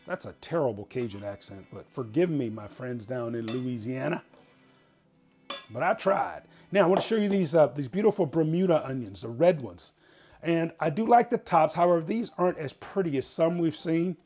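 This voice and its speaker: A man's voice: on the high side, expressive, moderate pace, darkish tone, faint music behind. A man hosting a casual home cooking show, chatting folksily as he explains each step in his kitchen.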